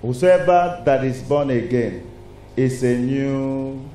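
A man with a Nigerian accent preaching a lively sermon in a church, asking the congregation rhetorical questions. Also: medium pitch, slow. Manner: animated, call-and-response preaching with rhetorical questions. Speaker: pastor. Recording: echoey hall with faint noise.

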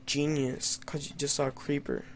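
A young gamer plays an adventure map in a let's play, reading story lines in a mock-dramatic tone and making wry jokes at his own expense. His voice is a little high with little pitch movement, at a moderate pace, over a little hiss or hum.

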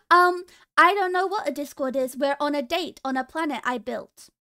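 A young woman streams and chats with her viewers in a playful, teasing tone, breaking into giggles often. Her voice sits very high. The sound is dry and close, with no room around it. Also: moderate pace, bright, forceful tone, no echo. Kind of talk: casual stream chat.

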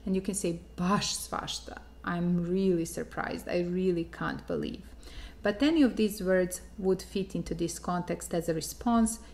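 A young woman whose first language is Serbian gives an online language lesson. She explains each phrase slowly and patiently, in a clear, even, mid-pitched voice. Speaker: language teacher.

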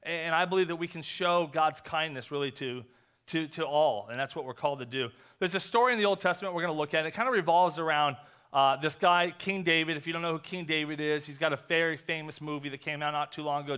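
A male pastor giving a conversational sermon, telling a story with quick acted asides. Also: a little high, pushed and bright, clear, resonant tone. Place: church sanctuary.

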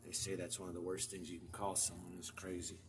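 A man talking off the cuff over old maps, meandering with many fillers and restarts and trailing off into quiet mutters. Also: low voice, completely flat delivery, fast talker, loud music behind the voice. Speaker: vlogger.

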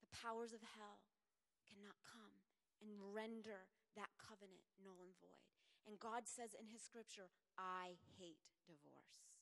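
A woman preaching a sermon, swinging from soft whispers to loud, pleading passages. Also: mid-range voice, flat delivery, measured pace, creaky, long reverb tail. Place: church sanctuary.

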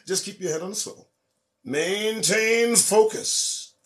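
A man hosting his own show, delivering a profane, preachy political monologue that swings between loud emphasis and low asides. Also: a little slow. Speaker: host.

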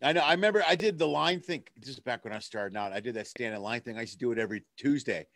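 A man's voice: mid-range voice, gravelly, fairly bright tone, no echo. A man who is a comedian hosting a casual chat, telling stories over a video call. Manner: fast, storytelling. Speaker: comedian host.

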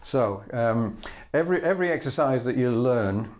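A man's voice: mid-range voice, animated, normal speed. A man teaching fiddle bowing in a patient, methodical way, singing the rhythms aloud between spoken steps. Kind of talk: instructional demonstration. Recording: loud fiddle playing between phrases.

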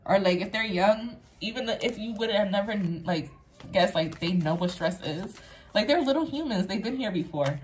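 A woman talks straight to her viewers through a pick-a-card tarot reading in a loose, rambling way, leaning on "like" as she goes. Her voice sits at a middling pitch, and her tone stays earnest and reassuring. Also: lively intonation, moderate pace, slight background noise. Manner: rambling, chatty, fills speech with "like"; earnest, affirming, addresses viewer directly. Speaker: tarot reader.

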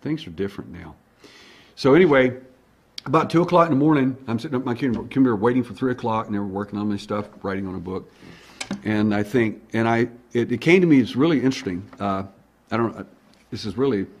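Husky-voiced male investigator recounting a case with lively, acted-out dialogue. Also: fairly low pitch, quick pace. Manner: animated, acts out dialogue. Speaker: alien abduction investigator. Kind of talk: storytelling monologue.

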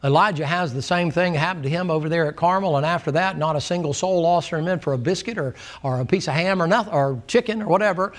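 Folksy storytelling pastor with a high tenor, animated sermon delivery. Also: male voice, fast, hardly any pauses.

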